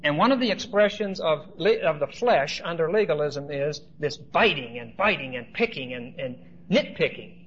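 A man's voice: a little high, animated, normal speed, fairly bright tone, muffled recording, slight background noise. A man preaching a sermon as pastor, telling stories in a conversational way with asides to the congregation.

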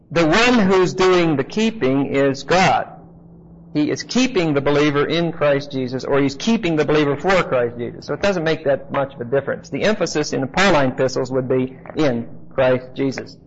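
A man teaching a Bible class in a conversational way. He spells out word meanings slowly, repeats key phrases and asks his listeners questions. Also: on the high side, lively intonation. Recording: muffled lo-fi recording.

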